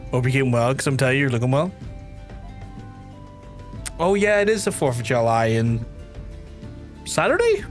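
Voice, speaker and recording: A young man chatting through a game stream, his talk rambling and animated, with faint music underneath. His voice sits at a medium pitch. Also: normal speed, long pauses. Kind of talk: casual let's-play chat.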